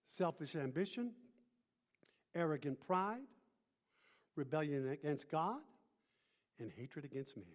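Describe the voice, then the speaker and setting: High-voiced preacher in an echoing hall. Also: male voice, animated, takes it slowly, long pauses. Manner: call-and-response, rising emphatic then hushed. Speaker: pastor. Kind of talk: sermon.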